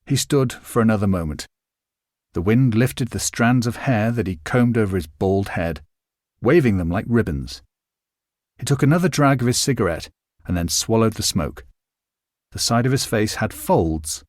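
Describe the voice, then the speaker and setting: Male narrator for a literary novel, measured and expressive, animated pitch, dry studio sound. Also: no room sound. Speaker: audiobook narrator. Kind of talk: scripted narration.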